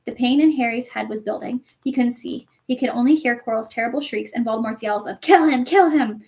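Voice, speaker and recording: A woman reading a novel aloud as narrator, with expressive, dramatic storytelling. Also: a little high, fast. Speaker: audiobook reader.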